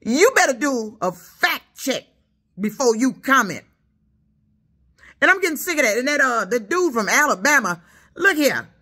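A woman's voice: high-pitched, very animated, moderate pace, long pauses, sharp tone, breathy edge. A woman from Detroit with a Southern-tinged accent, ranting indignantly at commenters from the couch in her apartment, stammering and repeating herself. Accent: Detroit with a Southern lilt. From Detroit, USA. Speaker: YouTuber. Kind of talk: angry rant at commenters.

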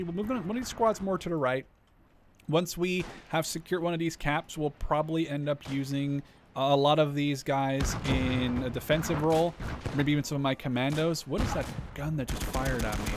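A man commentating on a strategy game as he plays, chatty and thinking aloud, with quick startled exclamations. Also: a little high, background noise. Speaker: gameplay commentator. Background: gunfire and artillery from the game.

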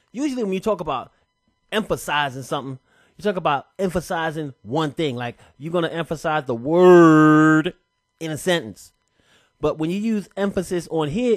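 A man presenting a software tutorial in a relaxed, chatty way, talking through each step with casual slang. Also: a little high, dry recording, studio quality. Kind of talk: casual screen-recorded tutorial.

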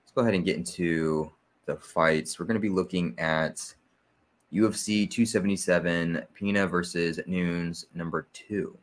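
A man hosting his own sports picks channel, explaining his figures step by step in a steady, methodical way with frequent fillers. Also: low voice, moderate pace. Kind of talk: casual explanatory video walkthrough.

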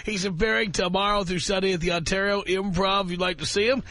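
A man's voice: high-pitched, fairly even intonation, quick pace, sharp tone, no room sound. A male radio host who announces a break and brings the show back from it.

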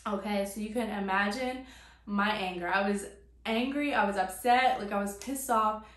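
A woman's voice: mid-range voice, normal speed, fairly bright tone. Chatty young woman in echoey room. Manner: chatty, many "like" fillers. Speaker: vlogger. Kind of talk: casual storytime.

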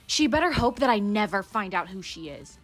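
A woman's voice: mid-range voice, sing-song, fairly quick, faint music behind. A woman acting a bossy, jealous teenage mean girl in a comedy skit, making demands and threats. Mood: threatening.

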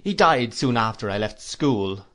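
An eager, good-humored young man with a modest manner, as a male audiobook reader voices him. He sounds lively and quick to laugh, raised a little above the reader's own voice, and speaks in a friendly, bouncy way. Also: medium pitch. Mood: cheerful. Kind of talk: audiobook character voice.

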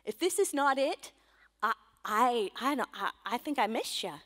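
A woman voicing an anxious male prophet, murmuring in a hushed, stammering way. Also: fairly high pitch, animated, normal speed, big-room sound. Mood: nervous. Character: anxious male prophet afraid of looking foolish.

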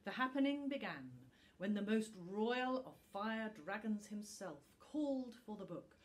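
Slow, gentle woman reading a bedtime story. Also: medium pitch. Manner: calm, gentle storytelling with dramatic pauses. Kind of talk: bedtime story read-aloud.

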